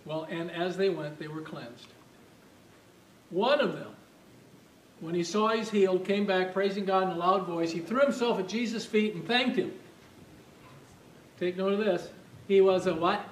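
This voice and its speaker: A man's voice: unhurried, long pauses. A man preaching a sermon as pastor, talking in a conversational way and asking the congregation questions. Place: church sanctuary. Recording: echoey hall, distant mic, faint rumble.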